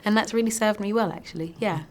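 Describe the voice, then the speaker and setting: A woman actor in a press interview, answering thoughtfully in a soft voice and laughing often. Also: medium pitch, fast talker. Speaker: actor promoting a film.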